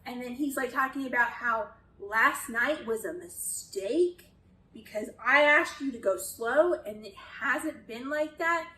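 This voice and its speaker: A woman's voice: on the high side, measured pace, bright, forceful tone, reverberant, recorded from a distance, rough recording. A woman chatting casually through a critique of a show, exasperated at times and swearing freely. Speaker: video essayist.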